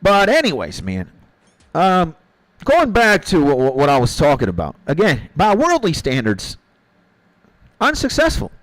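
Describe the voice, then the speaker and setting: With a slightly high voice swooping wildly in pitch, a man streams a game at normal speed, chatting loosely and slangily with viewers. He calls chat "bro" and "my G"; there's no echo, but the audio is poor.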